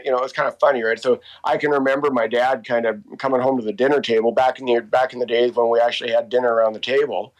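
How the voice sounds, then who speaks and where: A man's voice: medium pitch, fairly even intonation, fast talker, few pauses, poor audio. Rambling man in his fifties. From Canada. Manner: rambling, many fillers and restarts. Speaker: interviewee, walking tour guide. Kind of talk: casual storytelling.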